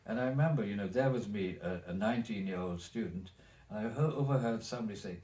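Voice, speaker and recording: A man's voice: lowish voice, quick pace, dark tone, distant mic, a little hiss or hum. A man in his eighties with a German accent, recalling his life in a recorded oral history interview, rambling with many restarts and repeated words. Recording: echoey room, off mic.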